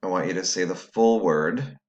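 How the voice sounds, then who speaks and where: A man's voice: sits low, normal speed, muffled recording. A man teaching a recorded phonics lesson, patiently explaining step by step to students at home.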